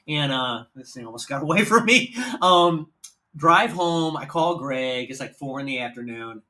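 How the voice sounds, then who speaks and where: Man, from the American Midwest, podcast host, casual storytelling, profane, acts out dialogue, lively pitch. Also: normal speed.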